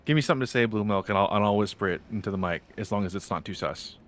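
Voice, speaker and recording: A man's voice: lowish voice, very fast, a little hiss or hum. A man streaming a game, chatting casually and joking with viewers in a rambling way. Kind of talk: casual live-stream chat.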